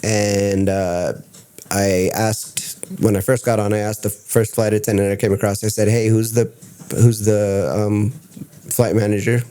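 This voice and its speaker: A man telling stories as a podcast guest in casual chat, excitable and swearing freely. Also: lowish voice, a little slow, smooth. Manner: excitable, profane storyteller.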